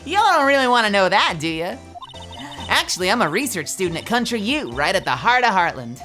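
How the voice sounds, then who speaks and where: A woman's voice: mid-range voice, sing-song, fairly quick, bright, forceful tone. A woman voicing a brash, folksy Southern woman photographer with a thick drawl, as music plays behind. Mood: boisterous. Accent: American Southern.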